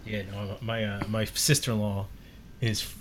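A man's voice: fairly low pitch, flat delivery, unhurried. A man co-hosting a podcast in casual chat, with a wry, teasing manner. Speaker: podcast co-host. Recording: crowd noise in background.

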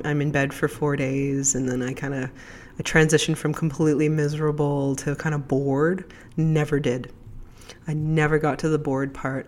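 A podcast host with a stuffed-up voice from a lingering cold, talking in a chatty, rambling way. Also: medium pitch. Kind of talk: casual solo podcast chat.

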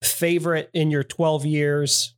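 A man's voice: a little high, level tone, takes it slowly, smooth. A man hosting a podcast, asking questions in a friendly, encouraging way. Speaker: podcast host. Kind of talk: podcast interview.

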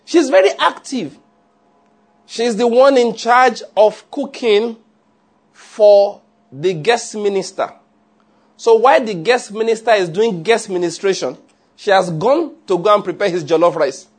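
A man preaching a sermon in an animated way, often checking with his listeners. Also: high voice, measured pace. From Nigeria. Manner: animated, asks the audience often.

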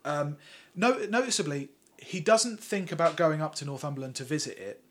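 A man co-hosting a podcast in casual chat, animated and sardonic, talking in long run-on sentences. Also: fairly high pitch, normal speed, slight background noise. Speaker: podcast co-host.

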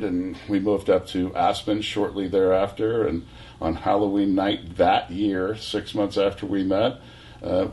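A man in his sixties from California, a guest telling rambling, animated stories full of restarts. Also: fairly low pitch, a little hiss or hum. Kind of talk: casual storytelling.

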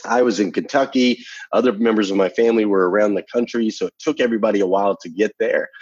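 A man's voice: fairly low pitch, fairly even intonation, quick pace, darkish tone, husky, no room sound, highs cut off. A man telling a personal story in conversation, earnest and emphatic, repeating phrases for effect. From United States. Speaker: interview guest.

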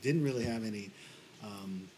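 A man's voice: fairly low pitch, normal speed, a little mellow, a little hiss or hum, poor audio. A man from Las Vegas, a podcast guest, telling his life story earnestly and repeating himself as he goes. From Las Vegas, United States. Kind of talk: casual interview chat.

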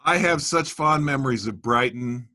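A man hosting a podcast interview, chatty and enthusiastic, quick to affirm his guest. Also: mid-range voice, pushed and bright. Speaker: podcast host. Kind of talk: casual interview.

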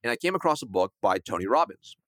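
A man telling a sales story in a lively, fast conversational way, acting out the voices of the people in it. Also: lowish voice, no room sound, clean studio sound. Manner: fast, animated, acts out quoted dialogue. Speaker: guest, sales coach.

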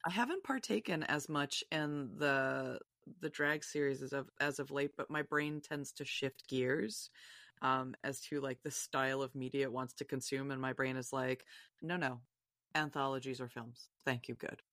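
A woman's voice: rumbling low, steady tone, moderate pace, a bit bright, dry recording, studio quality. A woman guest on a podcast, chatting casually in a rambling, self-deprecating way and laughing often. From Virginia, US.

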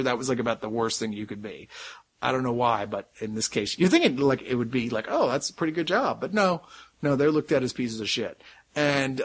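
A man hosting a casual film review podcast, rambling and laughing often, swearing freely. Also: mid-range voice. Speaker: podcast host reviewing films. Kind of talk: casual chat.

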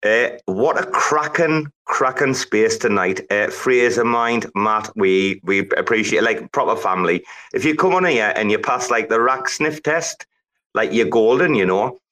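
Brief: male host, casual and profane, bright forceful tone. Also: on the low side, poor audio. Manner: swearing, laughing, lively banter. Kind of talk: casual chat on an audio space.

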